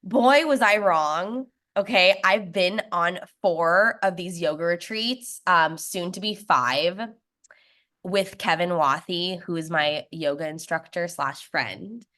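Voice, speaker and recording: Bright-voiced chatty woman guest. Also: fairly low pitch, slow pace. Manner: chatty, laughs often, quotes others in lively asides. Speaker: guest, snack brand founder. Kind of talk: casual interview storytelling.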